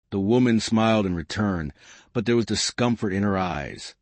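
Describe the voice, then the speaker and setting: A man narrating a bedtime mystery story in a calm, unhurried way. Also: low voice, no room sound.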